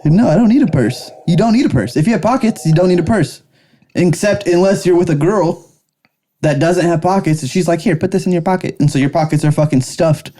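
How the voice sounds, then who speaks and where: A man co-hosting a comedy podcast, teasing his friends and laughing a lot. His voice is dark and mellow, and it swings widely in pitch as he jokes. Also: expressive, fairly quick. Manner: laughs often, loud and teasing. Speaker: podcast co-host. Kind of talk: casual comedy chat.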